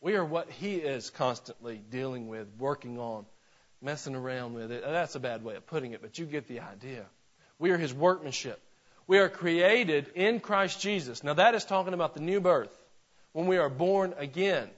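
A male pastor preaching a sermon in church, folksy, with joking asides, slowing down to stress scripture. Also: mid-range voice, dull audio.

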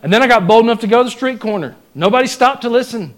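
A man with a Southern US accent preaching a folksy, joking sermon in a church, swinging from loud exhortation to hushed asides. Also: extremely high pitch, expressive, very fast. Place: church sanctuary.

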